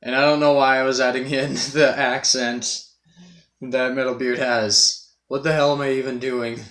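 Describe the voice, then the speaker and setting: A man's voice: medium pitch, little pitch movement, normal speed, a bit bright. A man hosting casually, often laughing at his own voice mixes. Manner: laughing, self-amused. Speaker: host, voice impressionist. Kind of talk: casual chat. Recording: roomy echo.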